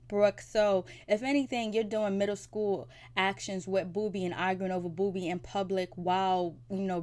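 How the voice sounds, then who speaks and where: A woman's voice: fairly low pitch, a little mellow. A woman hosting a casual TV recap vlog, chatty and opinionated, with many "like" and "you know" fillers. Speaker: TV recap vlogger.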